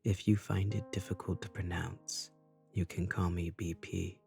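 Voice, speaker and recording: An actor playing a calm, guarded male serial killer in a visual novel game, speaking bluntly. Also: sits low, unhurried, creaky, breathy edge, soft background music, full character voice. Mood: cool.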